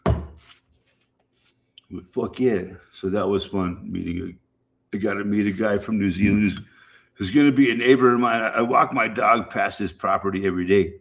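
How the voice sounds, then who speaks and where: A middle-aged man with a fairly low voice rambles casually to his livestream viewers. He swears freely, circles back and repeats himself as he chats. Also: fairly even intonation, fairly quick, creaky, a bit bright, a little hiss or hum. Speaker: livestream host.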